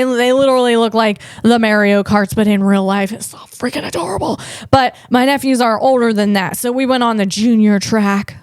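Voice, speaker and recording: A woman with a fairly high voice hosts a comedy podcast and spins loose, rambling stories about her family. She gushes and drifts, tossing in a playful "man" and "you know" as she goes. Her voice sits close and dry, with almost no room sound. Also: clear, resonant tone, no echo. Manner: gushing and animated about family. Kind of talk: casual comic storytelling.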